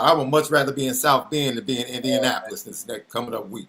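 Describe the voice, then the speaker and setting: Male sports podcast co-host; playful, talkative, bright tone. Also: medium pitch, quick pace, hardly any pauses. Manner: animated, teasing, laughs often, repeats himself. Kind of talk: casual sports banter.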